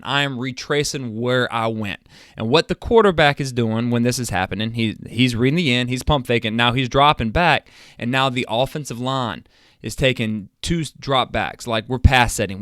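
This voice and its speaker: A man coaching football, explaining plays in an energetic, emphatic chalk-talk that builds toward near-yelling while he sits at a webcam. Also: mid-range voice, no room sound, clean studio sound. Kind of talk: chalk-talk lesson on a live stream. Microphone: seated at a webcam.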